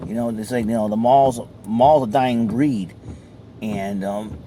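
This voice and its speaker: A man's voice: mid-range voice, measured pace, warm tone, a little hiss or hum. A man chatting casually while sitting in his car at a mall, rambling along with lots of fillers. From southern New England. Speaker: vlogger. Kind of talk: casual chat.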